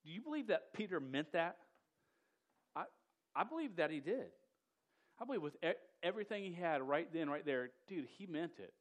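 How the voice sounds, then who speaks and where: Man, sermon, stammery casual preacher, voice on the higher side, says dude and y'all. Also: lively intonation, normal speed. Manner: stammers and repeats syllables often, casual slang.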